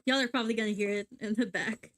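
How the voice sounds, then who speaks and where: A young woman livestreaming a game, chatting excitedly and swearing casually at her gear. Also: medium pitch, quick pace. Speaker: VTuber streamer.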